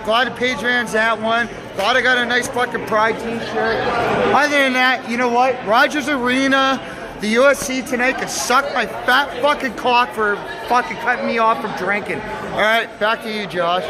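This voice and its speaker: A man's voice: extremely high pitch, fairly even intonation, normal speed, noisy background. Foul-mouthed man reporting from a roaring arena. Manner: rambling, crude, swears constantly. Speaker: sports reporter. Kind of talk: profane comic field report. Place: indoor arena at a fight event. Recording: loud crowd and music behind. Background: loud arena crowd and music.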